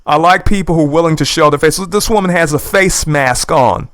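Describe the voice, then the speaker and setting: Male commentator with a smooth, resonant voice pitched a touch high, delivering sarcastic, indignant reaction commentary. Dry sound. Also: fairly quick, fairly bright tone, no echo. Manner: indignant, sarcastic, repeats his points. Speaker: YouTube commentator. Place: lives in the United States.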